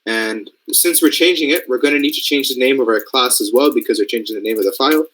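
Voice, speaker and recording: A young Canadian robotics programming mentor gives a casual screen-share coding lesson, thinking aloud and frequently checking that listeners are keeping up. His mid-range voice is a bit bright and quick, on a low-quality recording.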